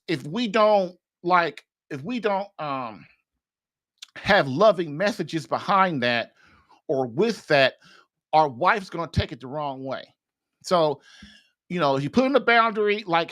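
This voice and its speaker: A man's voice: sits high, lively intonation, a little slow, fairly bright tone. A man hosting a marriage-advice show, talking in a blunt, folksy, rambling way. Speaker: podcast host, marriage advice. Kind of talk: casual advice monologue.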